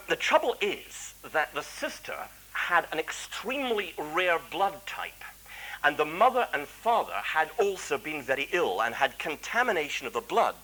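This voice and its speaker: A clergyman lecturing in an animated, wide-ranging voice, chatty and self-deprecating with frequent asides. His tone is bright and a little husky. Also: a little high, rough recording. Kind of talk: anecdotal public lecture.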